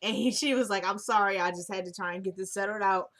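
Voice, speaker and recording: A woman's voice: mid-range voice, fast talker, fairly bright tone. A woman casually recapping a TV drama episode, animatedly retelling and acting out scenes. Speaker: TV recap vlogger.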